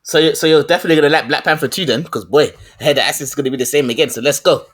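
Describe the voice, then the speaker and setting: High-voiced man teasing his co-hosts. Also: rapid-fire, noisy background. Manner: heated, teasing, keeps calling others liars. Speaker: podcast co-host. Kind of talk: casual film review chat.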